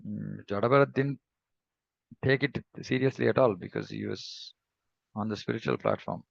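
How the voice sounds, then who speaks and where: A man giving a devotional scripture class in a reflective, measured way, pausing often and humming between thoughts. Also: lowish voice, creaky, dry recording, highs cut off. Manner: reflective, measured, with pauses and hums. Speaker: scripture teacher.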